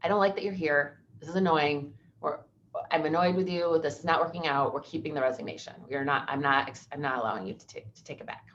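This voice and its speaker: A woman's voice: deep voice, quick pace, muffled recording, natural voice. A woman voicing an irritated, blunt female school principal who speaks curtly. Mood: annoyed. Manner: curt, annoyed.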